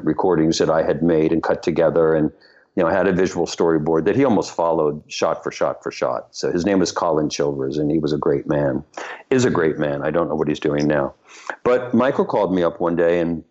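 A man, a choreographer and director, telling lively stories in an interview and acting out the people in them. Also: sits low. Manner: animated anecdote-telling, voices the people in his story. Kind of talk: storytelling interview. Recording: muffled lo-fi sound.

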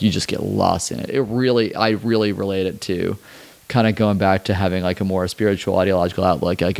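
A young adult man, a drummer and hairstylist, telling stories in a relaxed, rambling interview chat. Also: sits low, vocal fry. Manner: relaxed, rambling, peppered with "like" and swearing. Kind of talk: casual interview storytelling.

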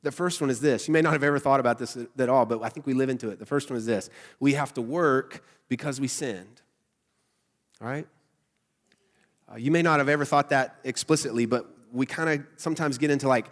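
A young man with a nasal Southern accent, a pastor preaching a conversational, animated sermon with asides to his congregation. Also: mid-range voice, brisk. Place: church sanctuary. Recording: long hall reverb.

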